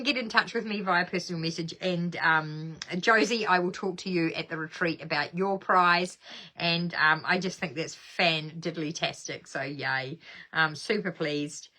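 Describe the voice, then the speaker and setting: A woman's voice: fairly low pitch, normal speed, sharp tone. A woman hosting a casual craft live stream, bubbly and chatty, reading viewer comments aloud and laughing often.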